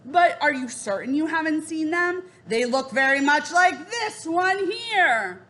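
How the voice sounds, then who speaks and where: A woman's voice: high-pitched, animated, fairly bright tone. A woman voicing a haughty male raven king villain who drags his words out mockingly. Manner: slow, mocking and drawn out.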